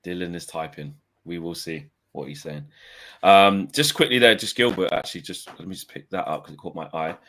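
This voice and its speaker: A man's voice: sits low, a little fast, fairly bright tone. A man co-hosting a casual fan podcast, bantering and reading messages aloud.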